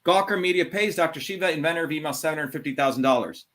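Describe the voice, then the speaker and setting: A middle-aged call-in show host delivers a heated monologue, blunt and combative, swearing and hitting words hard. He talks very fast in a fairly high, somewhat bright voice.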